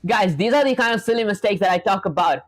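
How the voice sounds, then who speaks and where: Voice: medium pitch, lively intonation, fast talker, soft background music. A live-streaming programmer talking casually while coding. The streamer often calls the viewers "guys" and laughs off their own small mistakes. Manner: chatty, filler-heavy, self-deprecating, addresses chat as "guys".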